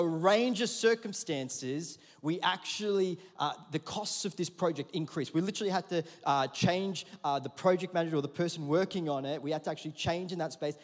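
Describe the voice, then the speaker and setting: A man preaching a sermon in a church, telling a story in a lively, conversational way and calling for responses from the congregation. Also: fairly high pitch. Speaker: pastor. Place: large church auditorium. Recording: long hall reverb.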